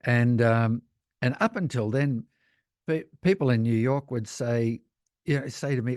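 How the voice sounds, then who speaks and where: An older Australian man telling animated anecdotes in a casual interview, laughing often. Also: mid-range voice, unhurried, no room sound, studio quality. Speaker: guest, cinematographer.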